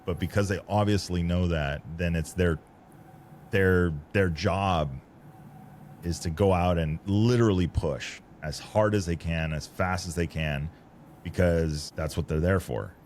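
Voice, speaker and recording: A man's voice: sits low, steady tone, measured pace, a little mellow, slight background noise. A man hosting a podcast, chatting casually and thinking aloud as he goes. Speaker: podcast host. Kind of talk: casual conversation.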